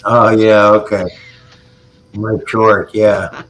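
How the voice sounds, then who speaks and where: A man's voice: on the low side, flat delivery, extremely slow, fairly bright tone, poor audio. A Canadian man hosting a casual livestream chat, easygoing and joking. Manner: easygoing, joking, does impressions. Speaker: show host.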